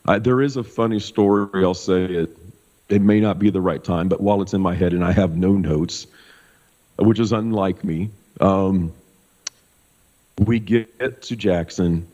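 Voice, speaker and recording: A middle-aged pastor from Kansas telling a personal story in a loose, animated way, full of fillers. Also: male voice, sits low. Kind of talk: casual storytelling testimony. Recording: dull sound with long hall reverb.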